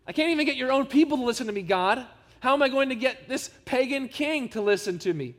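A preacher voicing an exasperated, doubting Moses. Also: male voice, very high voice, animated, fast talker, a bit bright, big-room sound, pitched above the performer's own voice. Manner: exasperated, incredulous questioning. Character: doubting, reluctant Moses pleading with God.

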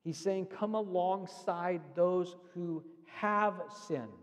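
A man's voice: high voice, steady tone, slow pace. Man preaching in a reverberant hall. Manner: earnest teaching, explaining scripture step by step. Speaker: pastor. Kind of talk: sermon. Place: church sanctuary.

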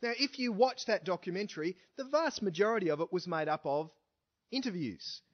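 A man's voice: sits high, animated, a little fast. A man preaching a sermon who speaks with emphasis and keeps asking his listeners rhetorical questions. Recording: dull lo-fi recording.

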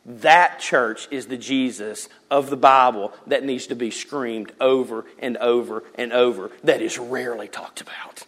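A pastor preaching a sermon in a church, swinging from loud emphasis to hushed near-whispers and acting out quotes. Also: male voice, mid-range voice, steady tone, a little slow, few pauses. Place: church sanctuary.

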